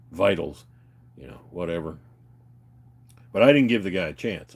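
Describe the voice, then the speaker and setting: A man venting in a heated, profane rant to his viewers, retelling a phone call. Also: deep voice. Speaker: vlogger.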